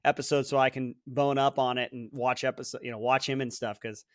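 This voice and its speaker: A man's voice: mid-range voice, flat delivery, a little fast, dry recording. Rambling man thinking aloud, dry sound. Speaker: podcast co-host, quiz contestant. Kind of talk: casual chat.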